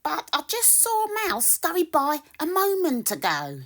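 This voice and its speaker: A woman's voice: high-pitched, huge pitch swings, a little slow, fairly bright tone, a little hiss or hum, pitched above the performer's own voice, heavily acted. A woman voicing a tiny, chatty fly in a storybook read-aloud.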